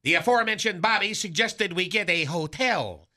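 A long-winded, pompous lovesick fellow, as a man puts him on for a radio comedy sketch. The tone is strikingly bright and thin, and he piles up fancy words with deadpan self-importance. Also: high voice, moderate pace. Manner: flowery, overblown vocabulary, deadpan bragging. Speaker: recurring comedy character.

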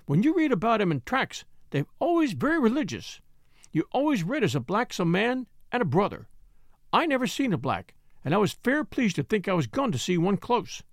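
A woman's voice: mid-range voice, dry recording, clean studio sound, pitched above the performer's own voice. A woman voicing a kind, plainspoken young maid who talks in broad Yorkshire dialect. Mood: earnest. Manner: broad dialect, earnest and chatty.

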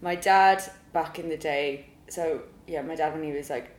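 A woman's voice: low-pitched, normal speed. A woman in her twenties with an Irish accent, chatting as an interview guest, laughing often and saying "like" a lot. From Ireland. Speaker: guest illustrator. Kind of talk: casual interview chat. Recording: roomy with faint noise.

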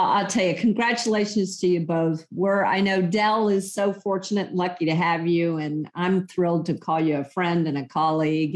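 A woman hosting a podcast interview, enthusiastic and polished. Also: on the low side. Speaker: podcast host.

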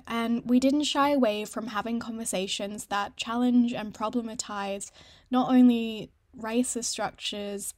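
A woman presenting a scripted podcast introduction in an earnest, measured way. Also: on the high side, no echo, studio quality.

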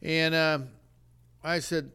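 A podcast co-host with a slightly high, clear, resonant voice speaks at a slow pace while recounting a story in relaxed chat. He's animated, acting out the voices of those he quotes.

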